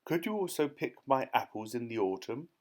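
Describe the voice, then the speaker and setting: A man's voice: mid-range voice, sing-song, moderate pace, a little mellow. A man voicing a pompous, hot-tempered old duke who blusters and bellows in a raised voice. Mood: gruff.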